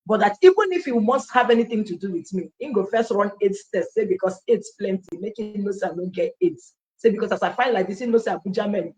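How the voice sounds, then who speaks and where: A Nigerian woman telling her personal story in an animated testimony style, acting out dialogue and slipping into Pidgin phrases. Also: mid-range voice, fast, few pauses, highs cut off.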